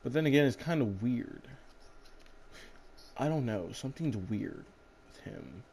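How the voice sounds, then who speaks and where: A man chatting over his gameplay in a relaxed, rambling way, cursing offhandedly. His voice is dark and mellow, sitting at an ordinary middle pitch. It has the easy tone of someone talking with a friend while playing. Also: a little slow, breathy edge. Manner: laid-back, rambling, swears casually. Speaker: gaming channel host. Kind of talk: casual gameplay chat.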